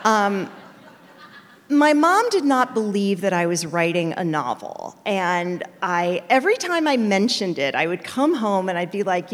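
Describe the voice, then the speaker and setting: A middle-aged novelist telling stories in a chatty, self-deprecating way, full of fillers, as an interview guest. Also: female voice, a little high, sing-song, moderate pace, big-room sound. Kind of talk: storytelling conversation.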